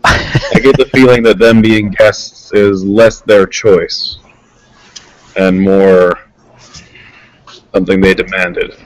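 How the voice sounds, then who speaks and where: A man playing a tabletop game, speaking in character in a measured, deliberate way. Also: sits low, level tone, no echo, low-quality recording. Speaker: player.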